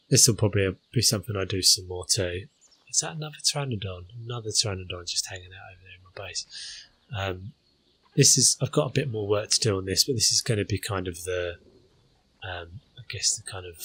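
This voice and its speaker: A man's voice: low voice, fairly bright tone, slightly rough. A man hosting a gaming channel, talking through his gameplay in a casual, hesitant way with many fillers.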